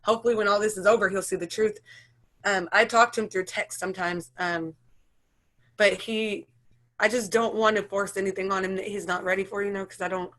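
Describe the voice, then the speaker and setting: A woman in her thirties giving an emotional personal account as an interviewee, talking in halting, run-on sentences full of restarts. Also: medium pitch, fairly even intonation, a bit bright. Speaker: interviewee, mother sharing her story.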